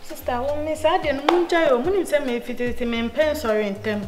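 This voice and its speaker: Ghanaian woman, high and bossy, comedy skit, loud music bed. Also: expressive, fairly quick. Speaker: comedy actor. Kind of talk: skit dialogue.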